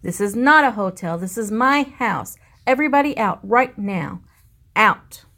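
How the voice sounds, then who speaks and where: A woman voicing a tired, grumpy male bear shouting angrily in a picture book. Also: medium pitch, lively intonation, a little slow, full character voice. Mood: furious. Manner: shouting in anger.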